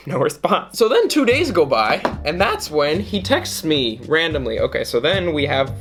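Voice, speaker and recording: A man telling a dating story to camera in a playful, dramatic way, jumping into high voices for quoted lines. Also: very animated, normal speed. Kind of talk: animated storytime monologue.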